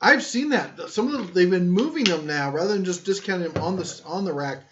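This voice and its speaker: A man's voice: high voice, animated, brisk, fairly bright tone, a little hiss or hum. A man hosting a casual tool-talk live stream, rambling and joking at his own expense as he reads chat. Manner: rambling, joking, self-deprecating. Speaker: tool channel host. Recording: muffled lo-fi stream audio.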